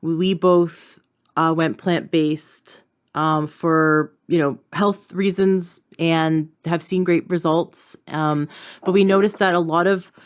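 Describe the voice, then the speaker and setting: A woman hosting a podcast in casual conversation, her voice sitting slightly low. She talks chattily, looping back with fillers and restarts. She laughs easily between thoughts. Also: fairly even intonation, slow pace, clean tone. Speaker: podcast host.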